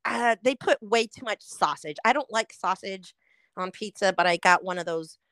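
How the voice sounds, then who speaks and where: A woman co-hosting a podcast, telling a fast food rant in casual chat, swearing freely and animated. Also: mid-range voice, no echo. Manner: swears a lot, animated ranting storyteller. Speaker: podcast co-host.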